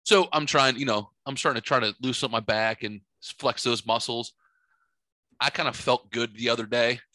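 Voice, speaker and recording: A middle-aged man with a bright, forward voice tells a rambling story full of swearing. He talks animatedly in a casual podcast chat, and the sound is close and dry. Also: medium pitch, steady tone, moderate pace, no room sound. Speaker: podcast host. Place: home studio.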